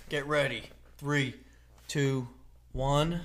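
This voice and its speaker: A man's voice: mid-range voice, quick pace, noisy background. A man hosting a comedy podcast, chatting casually during an impressions guessing game, laughing often and swearing freely. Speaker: podcast host.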